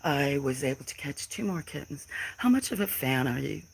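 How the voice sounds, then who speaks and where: A woman's voice: sits low, lively intonation, moderate pace, creaky, breathy edge, rough recording. Defiant woman livestreaming from her phone. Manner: defiant, emotional, addressing trolls directly. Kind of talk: casual live stream talk to chat.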